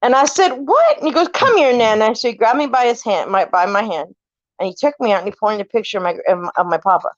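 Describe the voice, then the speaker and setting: A woman's voice: medium pitch, fast talker, no room sound. A woman in her forties from California, casually telling family ghost stories and acting out what people said. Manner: animated, acts out quoted voices, swears casually. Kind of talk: casual storytelling chat. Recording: dull lo-fi recording.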